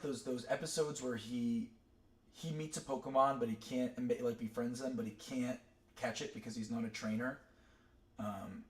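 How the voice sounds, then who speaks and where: Young male streamer, casual and digressive, loose storytelling, average pitch. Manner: rambling, digressive storytelling with many fillers. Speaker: streamer ranking cartoon characters. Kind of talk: casual chat.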